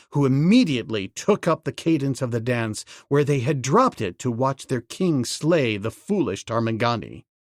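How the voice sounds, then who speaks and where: Gravelly, slow-paced male audiobook narrator. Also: mid-range voice, dry recording, studio quality. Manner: dramatic, measured storytelling.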